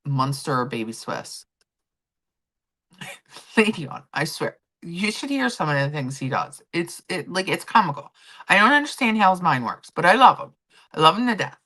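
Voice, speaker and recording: Lady streamer, low voice but real animated, just chatting and telling stories to her chat. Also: normal speed. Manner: chatty storytelling, reading chat aloud. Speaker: live stream host. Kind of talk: casual chat with chat readers.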